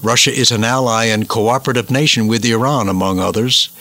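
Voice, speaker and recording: A bright, forceful male voice from the United States delivers emphatic commentary in a preaching cadence. He repeats words for stress and builds a steady indignation. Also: mid-range voice, brisk.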